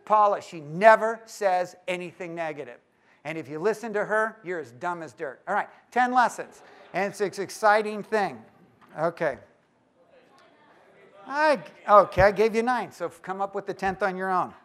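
High-voiced man joking with a crowd. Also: normal speed. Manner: lively and joking, teases the audience. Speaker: speaker at a church leaders' conference. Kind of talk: live talk to an audience.

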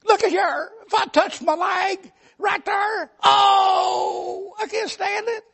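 A man's voice: extremely high pitch, steady tone, slow, vocal fry, a bit bright, shouting, pitched above the performer's own voice, full character voice. A man voicing a whiny mountain man who moans that he is dying. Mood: wailing. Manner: wailing, moaning, melodramatic.

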